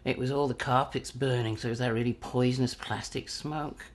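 A man's voice: medium pitch, fairly quick. An English man in his fifties, telling a story in an interview and acting out the voices in it. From England. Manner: animated, acts out quoted voices. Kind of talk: anecdotal storytelling.

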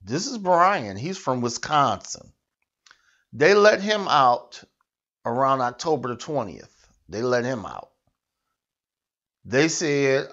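A man's voice: medium pitch, sing-song, takes it slowly, pauses often, fairly bright tone, dull audio. A man hosting a satirical news show, ranting with mocking sarcasm. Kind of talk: comic political rant.

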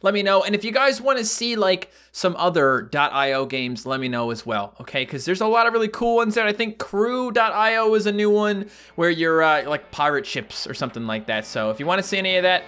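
A young man casually commenting on a game he plays, chatty and animated, yelping and laughing when surprised. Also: high voice, a little fast, hardly any pauses, smooth. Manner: animated, yelps and laughs at sudden attacks. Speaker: gaming YouTuber. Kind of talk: casual let's-play commentary.

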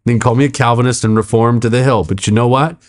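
A middle-aged man, a pastor, telling a story in a podcast conversation, narrating quickly and acting out the quoted speech with sudden jumps in pitch. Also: fairly even intonation. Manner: fast, emphatic narration with frequent "like" and "I'm like".

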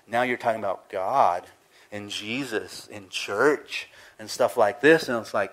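A man's voice: fairly low pitch, a little slow, a bit bright. A male pastor, preaching a casual, conversational sermon full of laughs and acted-out asides.

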